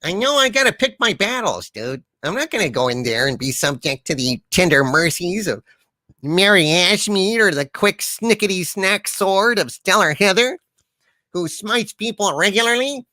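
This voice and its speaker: A man's voice: high voice, expressive, normal speed, sharp tone, dry recording, pitched above the performer's own voice. A man voicing a boastful male otherworldly destroyer trapped in a force field, blustering and threatening doom. He speaks with a dry, close sound. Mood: defiant.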